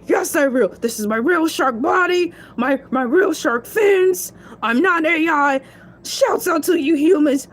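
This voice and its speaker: A woman voicing a cocky male shark who hosts a show, chatting playfully and bragging as he rambles. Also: sits high. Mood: chatty. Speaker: stand-in show host. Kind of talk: comedic solo character show.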